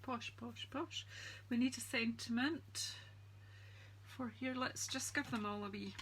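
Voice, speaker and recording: A woman's voice: fairly high pitch, steady tone, a little slow, fairly bright tone, slight background noise, poor audio. A woman chatting casually as she demonstrates card-making on a live stream, greeting viewers by name as she works. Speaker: craft demonstrator. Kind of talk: live-streamed craft demo chat.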